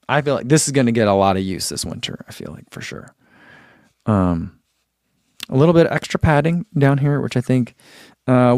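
A man's voice: mid-range voice, darkish tone, no echo. A man reviewing running gear in a casual live chat, musing aloud with fillers and reading out viewer comments.

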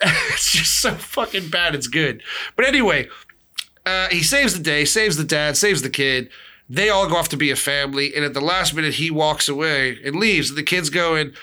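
A man hosting a casual chat, animated and swearing, acting out movie lines as he talks. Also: fairly high pitch, moderate pace.

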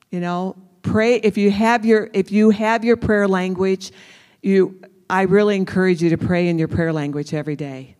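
A preacher delivering a sermon at an unhurried pace, leaning on key words and repeating them for emphasis. The voice calls out to the listeners directly. It rings with a long hall reverb. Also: mid-range voice.

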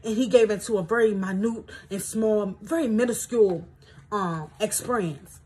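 A young woman with a D.C. talks on her podcast in a loose, rambling, reflective way, full of fillers. Her voice is husky and a little breathy, at a middle pitch for a woman. She drifts between her own life and lines she reads from a book. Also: normal speed, warm tone. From Washington, D.C. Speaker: podcast host. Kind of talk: casual personal reflection, reading from a self-help book.

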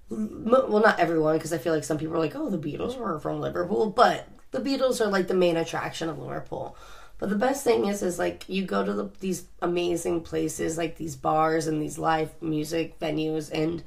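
A woman's voice: fairly low pitch, gravelly. A woman co-hosting a travel podcast, chatting casually with lots of "like" fillers and easy laughs. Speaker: podcast co-host. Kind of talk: casual chat.

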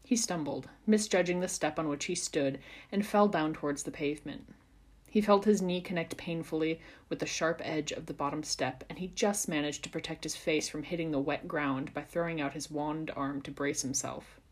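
Woman reading a story aloud, expressive. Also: low voice, normal speed. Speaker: podcast reader. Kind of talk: reading fan fiction aloud.

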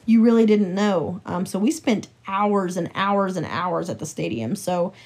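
A woman's voice: on the low side, unhurried, a little mellow. A woman co-hosting a casual podcast chat, explaining things at an easy pace. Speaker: podcast co-host.

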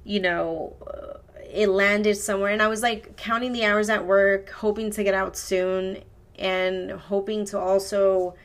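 A woman hosts her own podcast with a casual solo storytelling monologue. She rambles, swears freely and stops to correct herself mid-sentence. Her voice sits at an ordinary middle pitch for a woman. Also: fairly even intonation, unhurried. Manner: rambling, profane, self-correcting. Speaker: podcast host.

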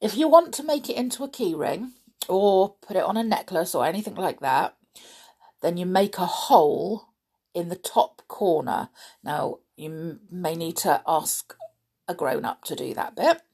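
A woman in her thirties hosting a show for children, speaking gently and slowly with many pauses and fillers. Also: on the low side, lively intonation, husky. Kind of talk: casual chat to children.

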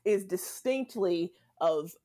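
A woman's voice: fairly low pitch, expressive, slow, warm tone. A woman chatting casually as a guest, full of fillers and frequent laughter. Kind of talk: casual conversation. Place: Southern United States.

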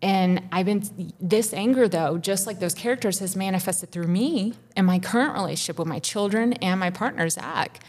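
A woman co-hosting a podcast speaks in a mid-range, slightly mellow voice at normal speed, barely pausing. She pours out a raw, intense personal confession full of swearing, her emotion rising until she's near tears.

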